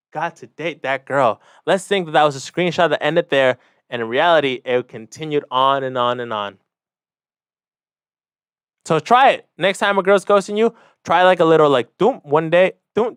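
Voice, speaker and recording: A man in his twenties from Mexico hosts a casual solo rant podcast, talking fast and rambling with lots of asides. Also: fairly high pitch, fairly bright tone, clear, resonant tone, no room sound, studio quality. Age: 20s. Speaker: podcast host.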